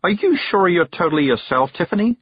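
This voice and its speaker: A man's voice: high-pitched, sing-song, fairly quick, slightly rough, highs cut off, voice pushed up, exaggerated voice. A man doing a fussy, kindly woman witch. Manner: gentle, polite, chattering.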